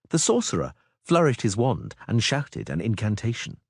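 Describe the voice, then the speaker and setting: A man reading a fantasy audiobook aloud, voicing every character himself with expressive delivery. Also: medium pitch, moderate pace, husky, no room sound, clean studio sound. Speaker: audiobook narrator. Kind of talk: scripted narration.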